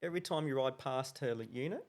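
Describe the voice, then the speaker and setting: A man, a podcast co-host telling a lively story in casual chat, laughing often. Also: medium pitch, fast. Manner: animated storytelling with laughs and slang.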